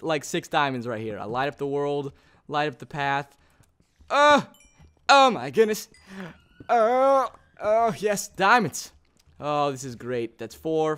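A gaming YouTuber talking to himself in excitable, rambling let's-play commentary as he plays. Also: fairly high pitch, smooth. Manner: excitable, rambling self-talk while playing.

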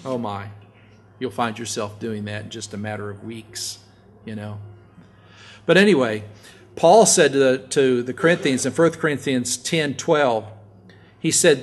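A middle-aged man preaching a sermon, telling stories in a folksy way and rising loud and high to stress his points. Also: measured pace. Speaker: pastor.

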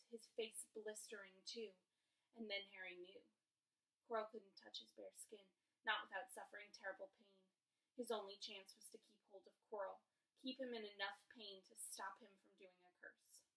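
A woman reading a novel aloud, telling the story expressively in a bright, crisp-edged voice with some gravel in it. She sits a little away from the mic, so the sound is distant. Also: medium pitch, fairly even intonation, moderate pace. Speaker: reader.

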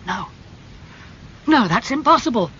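Man voicing a young man, anguished, impulsive, high strained cries, faint rumble. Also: animated, measured pace, bright, forceful tone, dull audio, heavily acted.

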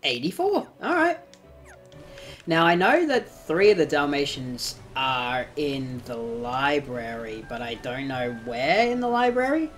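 A woman hosting a let's play, commenting on the game in an excitable way and laughing often. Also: rumbling low, unhurried, faint music behind. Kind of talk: gameplay commentary.

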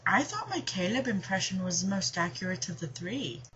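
A woman's voice: mid-range voice, big pitch swings, normal speed, a bit bright, slight background noise. A woman from the cast chatting casually, reading listener questions aloud and answering them with sarcastic asides. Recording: dull lo-fi home recording.

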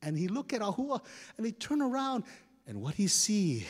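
A man from Hawaii with a Hawaiian Pidgin accent telling a folktale on stage, dramatic and animated, pausing to explain slang. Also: high voice, long reverb tail. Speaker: storyteller. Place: festival stage.

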